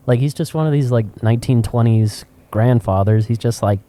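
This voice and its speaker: A man with a mid-range voice speaks briskly as he co-hosts a casual podcast from a cigar shop. He's an animated storyteller who laughs often while spinning his tales.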